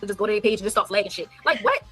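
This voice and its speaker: Rapid-fire defensive woman. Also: mid-range voice, lively intonation, fairly bright tone, slightly rough, soft background music. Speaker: panel guest. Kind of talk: heated livestream panel talk.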